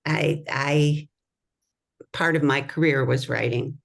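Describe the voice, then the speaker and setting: An older woman, a bereaved mother, giving brief, quiet answers on a video call. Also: deep voice, fairly even intonation, slow pace, creaky.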